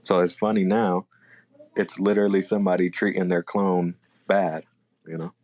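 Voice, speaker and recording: A man co-hosting a podcast, chatting casually about a manga chapter and thinking out loud as he goes. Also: deep voice, little pitch movement, moderate pace. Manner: laid-back, thinks aloud, self-correcting. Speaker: podcast co-host.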